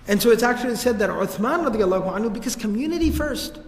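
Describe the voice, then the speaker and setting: A man with a high voice tells history stories to a class in a loose, casual way, dropping slangy asides. The sound carries a long reverb from a large, roomy hall. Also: expressive, fast talker. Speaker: teacher.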